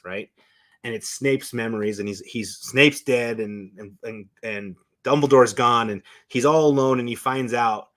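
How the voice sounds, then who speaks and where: A man on a talk show as a guest, telling stories with excitement and emotion, often restarting his sentences. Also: lowish voice. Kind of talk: casual chat.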